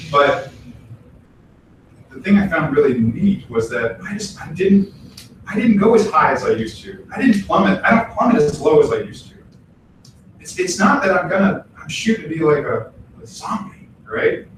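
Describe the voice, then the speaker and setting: Temple minister, male, high pitch, relaxed and animated preacher; recorded from afar in a reverberant hall. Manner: animated, acts out quoted voices, chatty asides. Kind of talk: casual conversational sermon. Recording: echoey hall, distant mic, faint noise.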